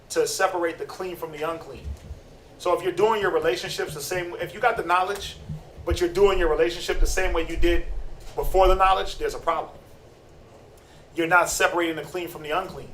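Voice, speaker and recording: Casual sermon from a guy teaching scripture, animated and slangy, kinda far from the mic with faint noise behind. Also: fairly high pitch, echoey room. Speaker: Bible teacher.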